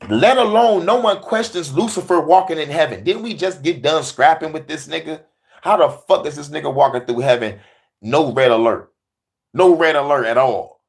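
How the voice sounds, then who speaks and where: A man's voice: mid-range voice, animated, moderate pace. Profane, laughing man ranting. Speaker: host. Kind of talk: casual comedic rant.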